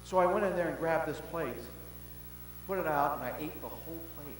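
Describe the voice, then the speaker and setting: An older male pastor preaching a sermon, telling stories with animated swings from shouts to hushed tones, recorded in a large pavilion. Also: fairly high pitch, brisk. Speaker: senior pastor. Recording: roomy hall with long reverb and faint hum.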